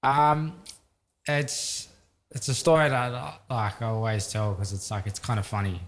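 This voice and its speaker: A young adult man from Sydney, a guest rapper, tells stories in a casual interview in an Australian accent. His medium-pitched voice is level and unhurried, and his laid-back storytelling is full of fillers.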